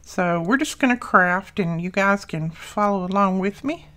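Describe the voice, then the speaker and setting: A woman's voice: mid-range voice, lively intonation, moderate pace, pushed and bright, a little hiss or hum. An older woman hosting a crafting video, chatting casually and telling homey family stories as she works. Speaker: crafting channel host.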